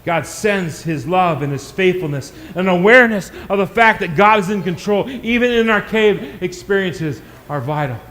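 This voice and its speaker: A man preaching a sermon in a church, swinging from shouted climaxes to hushed, quick asides. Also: high-pitched, animated, long reverb tail. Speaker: pastor.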